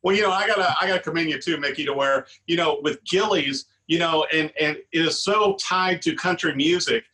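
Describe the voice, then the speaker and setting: A male show host with a high, bright, sharp voice. He asks chatty questions full of conversational fillers. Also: brisk, poor audio. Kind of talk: interview.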